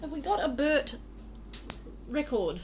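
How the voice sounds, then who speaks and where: A woman's voice: sits high, big pitch swings, unhurried, a little hiss or hum. A woman co-hosting a podcast, blunt and dry in casual chat. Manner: blunt, dry, laughs easily. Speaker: podcast co-host.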